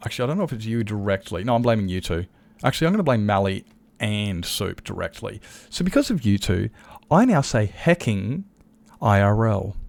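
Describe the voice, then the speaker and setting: A man chats to his viewers during a game stream in a low voice. His tone has a gravelly fry throughout. He rambles loosely, swears freely and often stops to correct himself. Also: sing-song, brisk, darkish tone, dry recording. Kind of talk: casual live-stream chat.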